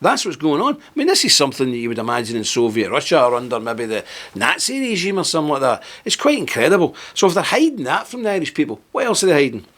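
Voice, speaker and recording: A man with a fairly high speaking voice delivers a political commentary monologue as host. He sounds indignant and emphatic and keeps asking rhetorical questions. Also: sing-song, fast talker, fairly bright tone.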